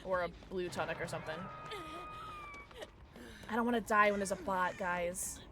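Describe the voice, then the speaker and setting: A woman streamer giving live gaming commentary, excitable and playful, often squealing and laughing. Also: lowish voice, normal speed. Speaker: livestreamer.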